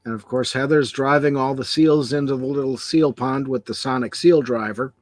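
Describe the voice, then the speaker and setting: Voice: medium pitch, normal speed. A podcast co-host in casual chat who mostly answers with short, terse agreements.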